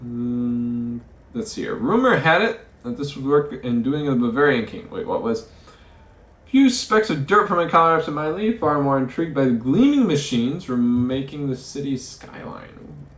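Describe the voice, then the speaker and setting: A man's voice: medium pitch, lively intonation, normal speed, reverberant. A man playing a story game, reading its text aloud and musing over his choices, often stumbling over words. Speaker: let's play host.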